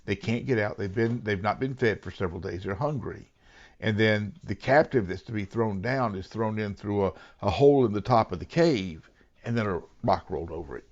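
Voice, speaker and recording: Pastor guy preaching a sermon, lowish voice, earnest, whispers then gets loud, kinda dull lo-fi sound. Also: moderate pace. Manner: earnest, dramatic, swings between hushed whispers and raised emphatic lines.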